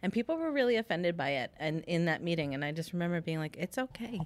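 A woman's voice: lowish voice, big pitch swings, fast talker. A chatty woman from Long Island, New York, who laughs easily in casual conversation. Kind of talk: casual chat.

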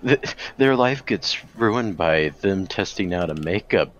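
A man's voice: sits low, animated, unhurried, lo-fi sound. A man co-hosting a podcast in casual chat, laid-back and laughing often. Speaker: podcast co-host.

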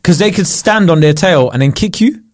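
Brief: young man, co-host, chatty and slangy, fairly high voice, dry close mic. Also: lively intonation, normal speed, no echo. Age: young adult. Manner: chatty, slangy, laughs a lot. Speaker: podcast co-host. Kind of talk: casual chat. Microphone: podcast mic.

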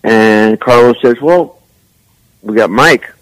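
An older man from San Francisco, a musician guest, telling rambling, animated stories full of "man" and "you know.". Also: medium pitch, slow pace, no room sound, poor audio. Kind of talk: casual storytelling interview.

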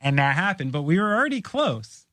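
A man's voice: a little high, big pitch swings, brisk, sharp tone, no room sound. Rambling man hosting a casual chat. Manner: rambling, filler-heavy storytelling. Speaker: podcast host.

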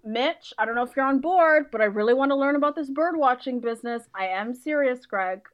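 A woman's voice: high voice, a little fast, smooth, muffled recording. A woman comedian guesting on a podcast, chatting playfully with emphatic, laughing delivery. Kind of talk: casual chat.

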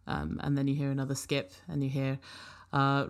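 A woman running a tabletop game, narrating casually with many halting fillers. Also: very deep voice, monotone, vocal fry. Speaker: game master.

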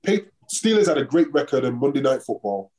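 A man's voice: medium pitch, very animated, brisk, a little mellow. A man, a former football player and podcast guest, telling a story in casual chat and acting out the exchanges he quotes.

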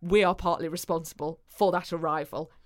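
A woman's voice: fairly low pitch, fairly even intonation, fairly quick. A woman co-hosting a podcast, laughing often and reading listener letters aloud. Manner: warm-hearted, laughing, reads letters aloud. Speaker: podcast co-host. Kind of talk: casual chat.

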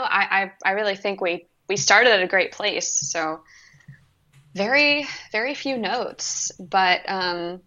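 Halting woman guest, dull lo-fi sound. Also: mid-range voice, pushed and bright. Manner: halting, repeats words, easygoing. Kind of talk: casual podcast chat.

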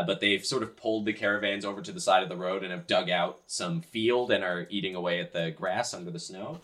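A man narrating a tabletop role-playing game as game master, relaxed and descriptive. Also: sits low. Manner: relaxed, descriptive, filler-heavy.

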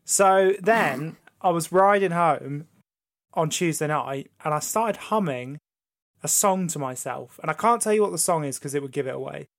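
Crude, animated male podcast host. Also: fairly high pitch, moderate pace. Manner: crude, swearing, animated storytelling. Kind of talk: casual chat.

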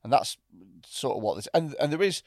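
A man's voice: medium pitch, very animated, a little fast, a little mellow, no echo, studio quality. A man co-hosting a podcast, bantering casually, laughing often and swearing. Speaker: podcast co-host. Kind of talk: casual chat.

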